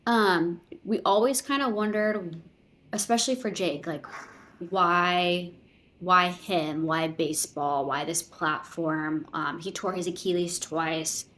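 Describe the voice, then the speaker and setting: A young adult woman, a podcast guest, telling a personal story in casual conversation, full of "like"s and lively quoted voices. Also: on the low side, slow, a little hiss or hum. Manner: chatty, filler-heavy retelling with many "like"s, quoting others in lively voices.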